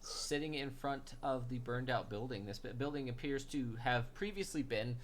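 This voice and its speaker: A man narrating a tabletop game as game master, relaxed and full of fillers. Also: mid-range voice, normal speed, slight background noise.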